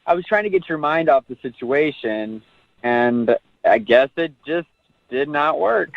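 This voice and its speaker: A man's voice: on the high side, animated, a little slow, gravelly, no echo, muffled recording. A man on the phone to a radio show, defending himself with a joking manner. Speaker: caller.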